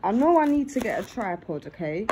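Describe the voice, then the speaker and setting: Her voice sits fairly high and swings widely in pitch as she talks a little fast, casually vlogging to camera over dinner. She films on a phone in her lap in the living room, tagging "yeah?" onto almost every phrase, against a noisy background.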